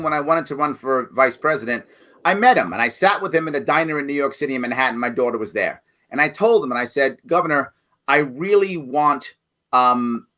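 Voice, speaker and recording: A man with a high-pitched, bright voice. He talks bluntly and combatively as a candidate, punching his points home, heard over a video call. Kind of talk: lively campaign talk.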